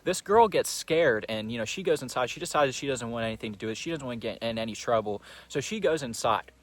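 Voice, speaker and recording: Fast-talking young man telling a story. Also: mid-range voice, animated. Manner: rambling, profane, full of fillers. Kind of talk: casual storytime monologue.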